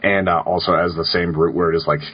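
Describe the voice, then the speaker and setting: A man co-hosts a podcast, laid-back and rambling in casual chat as he reads listener questions. His deep, husky voice is brisk with a level tone, and the podcast audio is dull and lo-fi.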